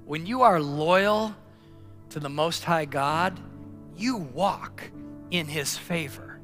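A male pastor preaching a sermon, telling a story and then closing in prayer, rising loud for emphasis and dropping soft when he prays. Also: a little high, takes it slowly, faint music behind.

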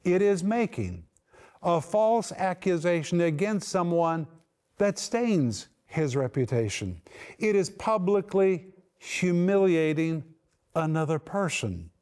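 A man's voice: high-pitched, animated, takes it slowly, a little mellow, clean tone. A man giving a teaching sermon, explaining words one by one with strong emphasis. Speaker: Bible teacher.

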